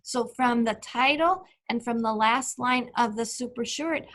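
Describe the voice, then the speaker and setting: A woman teacher leading an online reading lesson, patient and clear, asking the children questions. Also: on the high side, unhurried, a bit bright.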